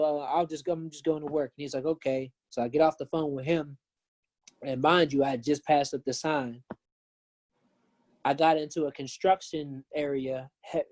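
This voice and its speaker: Mellow-voiced man telling a story. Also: on the high side, no echo. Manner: earnest, animated when retelling. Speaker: pastor and author guest. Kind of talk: casual storytelling.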